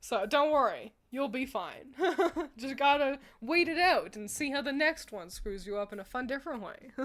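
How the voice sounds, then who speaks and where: Young woman streamer, slightly high voice, giggles between lines, swears bluntly while reading chat. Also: expressive, unhurried, a bit bright. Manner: giggly, laughs often between remarks. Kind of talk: casual chat reading live comments.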